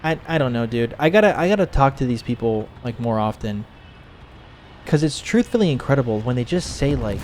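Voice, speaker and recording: A man's voice: medium pitch, fairly quick, a little mellow, a little hiss or hum. Casting: man streaming a game, casual profane storyteller, mid-range voice, rambling and joking. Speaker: gaming streamer. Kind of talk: casual gaming commentary with storytelling.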